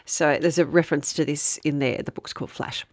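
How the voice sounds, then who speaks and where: Low-voiced woman telling a true-crime story. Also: steady tone, brisk, a little mellow, no room sound. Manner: chatty storyteller, laughs often. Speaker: podcast co-host. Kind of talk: casual true-crime chat.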